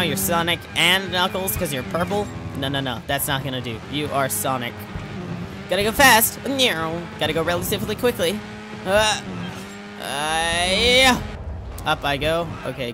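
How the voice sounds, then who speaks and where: A young man giving let's play commentary, joking and talking back to himself as he plays. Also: on the high side. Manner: goofy, talks to himself in jokey banter. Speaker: gaming YouTuber. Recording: music playing behind the voice.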